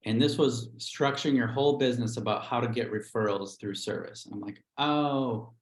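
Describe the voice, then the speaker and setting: A man's voice: medium pitch, normal speed, roomy sound, poor audio. A middle-aged man, a real estate agent, telling his career story candidly on a livestream interview, acting out quotes as he goes.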